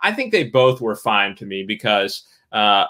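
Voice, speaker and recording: A man co-hosting a casual film review chat, giving halting opinions full of fillers. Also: fairly low pitch, big pitch swings, bright, forceful tone. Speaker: film review podcast co-host.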